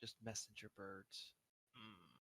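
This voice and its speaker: A man's voice: lowish voice, takes it slowly, vocal fry, sharp tone. A man playing a tabletop game, joking with the table, laughing often and hesitating with fillers. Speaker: player. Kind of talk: casual tabletop play.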